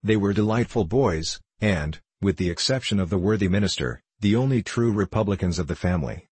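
Deep, husky male storyteller. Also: expressive, a little mellow, no echo. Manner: measured storytelling. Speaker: audiobook narrator. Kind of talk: scripted narration.

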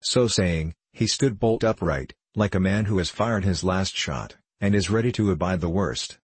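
A man narrating a classic novel in a measured literary reading. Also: deep voice, breathy edge, no echo. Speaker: audiobook narrator. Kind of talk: scripted narration.

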